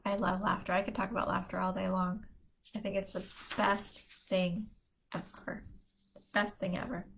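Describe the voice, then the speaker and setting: Chatty woman host who laughs a lot. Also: lowish voice. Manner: laughs often while telling stories, warm and chatty. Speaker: host of a positivity live stream. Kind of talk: casual live-stream talk.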